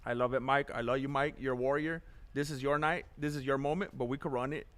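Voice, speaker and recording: A man giving casual, animated commentary on a live stream while watching fights, chatting and laughing often. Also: medium pitch, fast talker, smooth.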